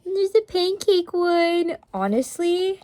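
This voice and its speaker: A young woman chatting casually in an unboxing vlog, gasping and gushing excitedly. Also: very high voice, slow pace, a little hiss or hum. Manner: gushing, gasping, excited over cute toys. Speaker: vlogger.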